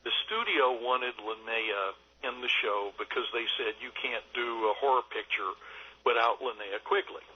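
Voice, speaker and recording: An older man, a film director, telling anecdotes in a radio interview, halting with many fillers and restarts. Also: medium pitch, husky. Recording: dull lo-fi radio line.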